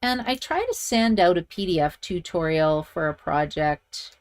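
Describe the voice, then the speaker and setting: A woman's voice: lowish voice, animated, a little slow. A middle-aged woman from Canada hosting a live card-making tutorial, chatting and thinking aloud as she works and reads viewer comments. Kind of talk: live-streamed stamping tutorial.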